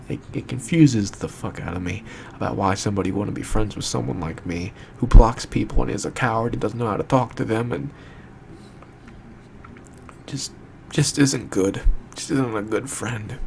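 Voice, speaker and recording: A young man speaking straight to the camera in an emotional monologue, distraught and fighting back tears, halting and repetitive, swearing as he searches for words. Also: medium pitch, creaky, a little hiss or hum. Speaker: video maker addressing a friend.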